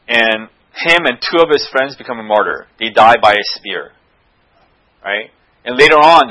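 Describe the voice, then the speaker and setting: A man's voice: medium pitch, pushed and bright, husky, rough recording. A man preaching a sermon, telling a story with animation and often checking in with his listeners.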